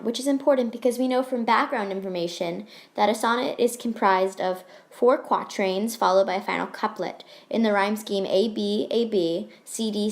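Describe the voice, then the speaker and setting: A young woman teaching a lesson over a screen recording, explaining in an upbeat, chatty way with little asides. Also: mid-range voice.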